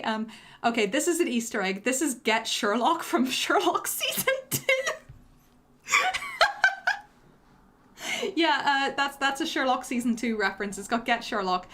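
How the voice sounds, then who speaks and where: A woman's voice: fairly high pitch, fairly bright tone. A young woman giving loose, self-deprecating director's commentary on her own animation during a livestream, full of fillers. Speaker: animator and streamer.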